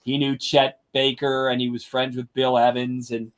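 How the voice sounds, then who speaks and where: An older man, a drum educator, telling casual stories in an animated way and acting out what his friends said. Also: medium pitch, moderate pace. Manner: animated anecdotes, quotes friends in lively voices. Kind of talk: casual storytelling.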